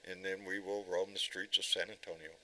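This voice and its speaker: A man's voice: low-pitched, level tone, brisk, pushed and bright, a little hiss or hum, rough recording. A man hosting a casual livestream chat, bantering and joking. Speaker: host.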